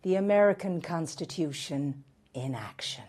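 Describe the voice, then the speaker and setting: A woman's voice: low-pitched, animated, normal speed, very noisy. A woman playing a beleaguered female talk-show host who is prim, awkward and flustered. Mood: presenting. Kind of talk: stage comedy sketch.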